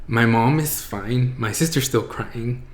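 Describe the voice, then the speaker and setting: A man's voice: medium pitch, measured pace. A man in his twenties telling a personal story to his viewers, casual and emotional, with lots of "like"s and some Spanish phrases. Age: 20s. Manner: emotional, voice breaking near tears at times. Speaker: vlogger. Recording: echoey room.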